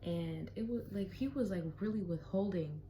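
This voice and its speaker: A woman's voice: medium pitch, normal speed, slight background noise, rough recording. Frank young woman telling a story. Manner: candid, profane, animated storytelling with whispered asides. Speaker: vlogger. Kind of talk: casual storytelling.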